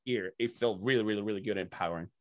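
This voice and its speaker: A man telling a story as a podcast guest, animated and profane, full of fillers. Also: lowish voice, racing. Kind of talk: casual storytelling.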